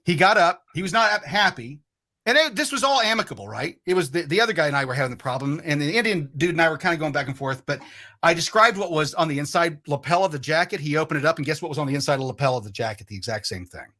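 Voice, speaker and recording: A man's voice: a little high, expressive, fast, bright, forceful tone. A man who is a podcast guest, telling a long story in casual chat. He swears freely and often stops and restarts his sentences. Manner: rambling, profane, frequent restarts.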